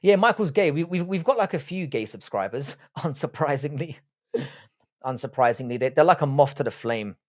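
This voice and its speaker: With a fairly quick, animated delivery and hardly any pauses, this mid-range male voice has a Southwest London accent. He is an English man hosting a relaxed live stream, reading out chat messages and teasing viewers with heavily profane banter.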